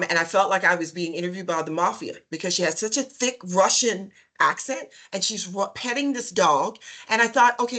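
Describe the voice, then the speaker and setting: A woman with a medium-pitched voice shares her career story on a webinar panel. She speaks in a lively, chatty way, full of ums and uhs, and acts out quotes from other people.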